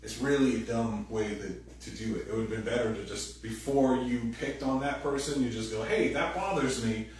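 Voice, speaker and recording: A male pastor delivering a casual, animated sermon, jumping into loud acted-out voices. He sounds far from the mic in a hugely reverberant church hall. A faint hum of noise sits under him. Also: medium pitch, normal speed, hardly any pauses. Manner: animated, acts out quoted voices loudly. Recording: very echoey room, distant mic, faint noise.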